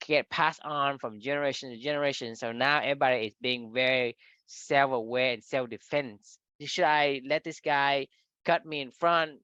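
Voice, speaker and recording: A man's voice: mid-range voice, a bit bright, dry recording, highs cut off. A man co-hosting a podcast, explaining his ideas at length in a reflective, casual way. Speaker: podcast co-host. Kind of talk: casual discussion.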